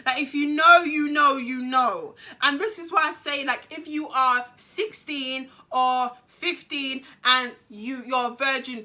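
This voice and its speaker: A woman, telling an animated, slangy storytime vlog. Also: sits high. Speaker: vlogger.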